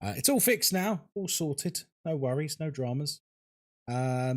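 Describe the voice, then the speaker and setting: A man's voice: a little high, animated, a little slow. A man streaming a horror game, chatting casually, greeting viewers and laughing often. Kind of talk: casual live-stream chat.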